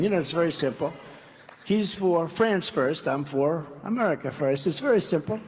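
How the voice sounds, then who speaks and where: A man's voice: on the high side, lively intonation, normal speed, breathy edge. A man giving a rambling, off-script campaign speech at a large rally, acting out dialogue as he goes. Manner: rambling, repetitive, acts out dialogue. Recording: long reverb of a big hall.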